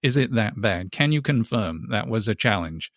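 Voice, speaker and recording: A man's voice: on the low side, lively intonation, normal speed, a bit bright, no echo, studio quality. A man who hosts an interview, asking long, curious questions. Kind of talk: podcast interview.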